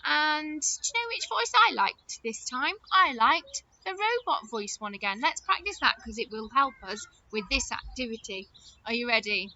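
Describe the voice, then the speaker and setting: A woman's voice: high voice, huge pitch swings, moderate pace, muffled recording, noisy background. A woman leading a lesson for young children, playing with her voice in a sing-song, exaggerated way. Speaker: nursery teacher.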